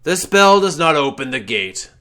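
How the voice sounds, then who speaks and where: A man voicing an ancient ghostly wraith sorcerer who declaims slowly and grandly. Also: sing-song, sharp tone. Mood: commanding. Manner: slow, booming, grandly declaiming.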